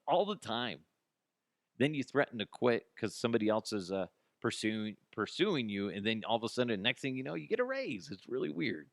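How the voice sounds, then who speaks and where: A man's voice: mid-range voice, big pitch swings, brisk, vocal fry, a bit bright, no echo, clean studio sound. A man hosting his own podcast, ranting in a blunt, mocking way with lots of restarts. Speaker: podcast host. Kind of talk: casual solo podcast rant.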